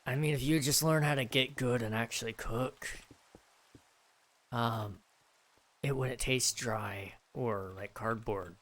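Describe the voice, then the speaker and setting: A man's voice: medium pitch, slow pace, pauses often, fairly bright tone. Rambling man chatting on stream. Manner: rambling, joking, many fillers. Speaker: streamer reading chat. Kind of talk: casual live-stream chat.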